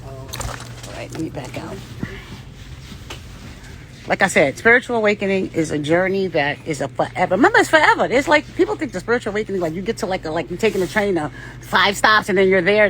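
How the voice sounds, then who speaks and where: A woman's voice: mid-range voice, sing-song, normal speed, long pauses, background noise. A woman vlogger giving rambling, profane spiritual advice in a casual talk, often laughing.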